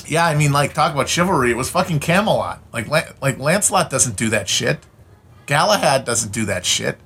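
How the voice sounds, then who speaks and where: A Midwestern-accented man rants to his stream audience, blunt, opinionated and full of swearing, often restarting his sentences. His voice sits at a middling pitch for a man. A faint layer of background noise hangs under his talk. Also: lively intonation, brisk, a bit bright. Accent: Upper Midwestern American. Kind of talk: casual ranting monologue.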